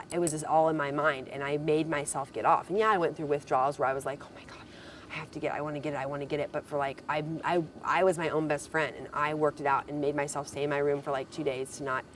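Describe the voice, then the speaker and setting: Low-voiced woman rambling through a story. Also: fairly even intonation, quick pace, slight background noise. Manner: rambling storytelling with many "like" and "I'm like" quotes. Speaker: reality show contestant. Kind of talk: casual private conversation.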